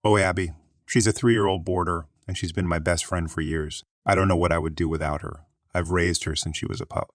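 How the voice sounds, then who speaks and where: A man voicing a gentle, soft-spoken man who talks fondly and apologetically. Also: low voice, fairly even intonation, fairly quick, no room sound, clean studio sound.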